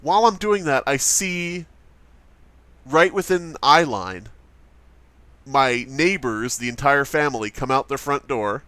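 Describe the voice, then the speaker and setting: A man hosting a let's play, telling stories in casual chat, animated and swearing freely. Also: medium pitch, a little slow, pauses often, no room sound. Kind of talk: casual chat while gaming.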